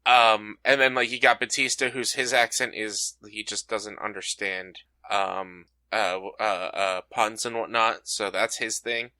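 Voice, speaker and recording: Young guy cohost, bright forceful voice, blunt, swears a lot, dry mic. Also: fairly low pitch, fairly even intonation, a little slow, few pauses, no echo. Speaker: podcast co-host. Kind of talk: casual chat.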